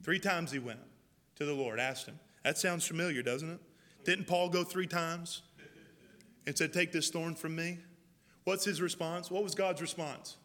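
A male pastor preaching a sermon, moving from loud calls to hushed, prayerful quoting. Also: a little high, moderate pace. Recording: long reverb of a large hall.

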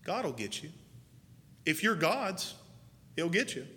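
A man's voice: fairly high pitch, big pitch swings, measured pace, pushed and bright. A man preaching a sermon in a church, folksy and emphatic, laughing at himself now and then. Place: church sanctuary. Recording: hall reverb, faint noise.

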